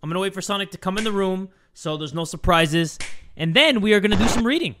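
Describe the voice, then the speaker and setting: A man giving excitable let's-play commentary, shouting and swearing at the game. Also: sits high, fast talker, noisy background. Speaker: gaming YouTuber.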